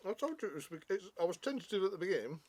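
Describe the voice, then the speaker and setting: A man's voice: high voice, sing-song, racing, darkish tone, slight background noise. A man co-hosting a casual product review, chatty and jokey, explaining things at length.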